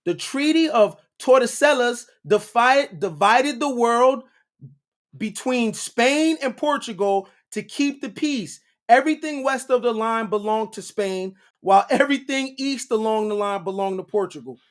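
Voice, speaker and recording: Slow, preachy man lecturing his chat. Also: very high-pitched, lively intonation. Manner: preachy, rhetorical questions, repeats "right?"; slow and deliberate. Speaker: livestream host. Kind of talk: casual commentary livestream.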